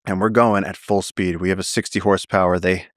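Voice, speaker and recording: A man's voice: sits low, steady tone, a little fast, no echo, clean studio sound. A man, a naturalist guest on a podcast, vividly telling a story and acting out the quotes. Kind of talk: storytelling in a long-form interview.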